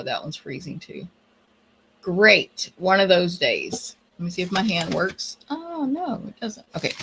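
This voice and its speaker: A woman's voice: fairly low pitch, fairly bright tone, a little hiss or hum. A woman hosting a live craft demonstration, talking casually and chattily, often losing her train of thought. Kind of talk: casual live-stream chat.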